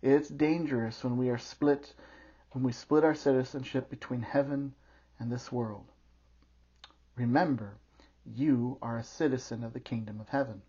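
Earnest preaching man, husky voice. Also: mid-range voice, fairly even intonation, normal speed, warm tone, highs cut off. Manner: earnest, emphatic preaching with teaching asides. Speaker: pastor. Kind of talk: sermon.

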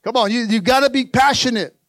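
A man's voice: very high voice, fairly quick, fairly bright tone, no room sound. An older man preaching a sermon to his church, calling out to the congregation and repeating phrases. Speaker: pastor.

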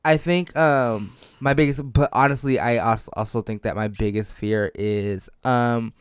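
A man answering personal questions in a podcast, earnest and hesitant, with many pauses and fillers. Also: medium pitch, fairly even intonation, smooth, no echo. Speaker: podcast co-host being interviewed. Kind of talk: casual chat.

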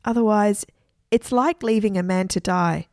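A woman voicing an anxious, earnest young boy in a storybook reading, speaking in a hushed, worried way. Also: mid-range voice, normal speed, no room sound, clean studio sound, lightly acted.

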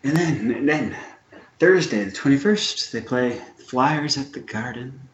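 A man co-hosting a relaxed chat, reading through a game schedule at an unhurried pace and slipping in dry jokes. His voice is slightly dull and sits in a roomy, echoing space. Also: medium pitch, a little hiss or hum. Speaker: podcast co-host. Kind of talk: casual chat.

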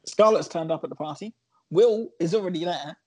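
A man's voice: a little high, brisk, a little mellow, dry recording. A man co-hosting a podcast, casually retelling a TV episode with lots of "um"s and frequent laughter. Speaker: podcast co-host recapping a TV drama. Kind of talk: casual chat.

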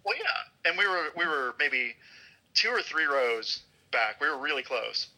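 A man in his forties, a podcast co-host telling an animated story in casual chat, laughing often. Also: a little high, unhurried, poor audio. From Georgia, US.

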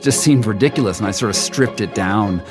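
A man telling his own story in the first person, halting and full of restarts and repeats. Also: fairly low pitch, music in the background. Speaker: storyteller guest.

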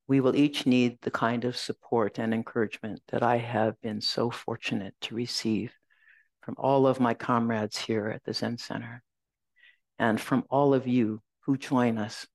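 A woman Zen teacher giving a dharma talk, reflective and gentle, telling a personal story and reciting verses slowly. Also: rumbling low, no echo.

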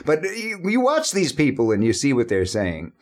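A man's voice: mid-range voice, wildly swooping pitch, moderate pace, darkish tone. A man hosting a call-in radio talk show, chatty and agreeable with callers.

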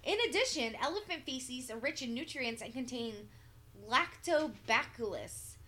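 A woman's voice: sits high, animated, moderate pace, bright, forceful tone. A woman co-hosting a casual podcast chat, reading an article aloud and breaking off with dry asides.

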